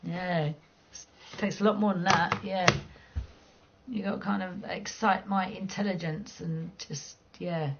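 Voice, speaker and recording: A woman's voice: on the low side, steady tone, measured pace, highs cut off, very noisy. A middle-aged woman with a London accent, chatting casually and bluntly with viewers during a game stream, cheeky and swearing freely. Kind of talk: casual chat.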